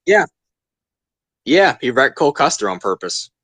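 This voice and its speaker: A man in his twenties hosts a casual podcast, ranting emphatically and hammering his points home. His pitch leaps and dips with real animation. The sound is dry, with no room around it. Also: big pitch swings, moderate pace, fairly bright tone, husky, no echo. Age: 20s. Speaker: podcast host.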